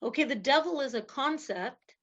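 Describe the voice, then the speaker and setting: A woman's voice: sits high, animated, normal speed, fairly bright tone. A woman guest in a casual interview, telling stories animatedly and acting out voices, with frequent laughter.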